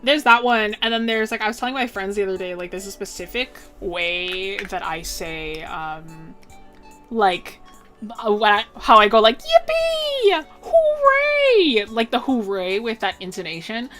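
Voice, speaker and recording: A young woman streamer chatting casually, bubbly and rambling, full of "like" and quick laughs. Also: mid-range voice, steady tone, music in the background. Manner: bubbly, rambling, heavy "like" filler, bursts of laughter.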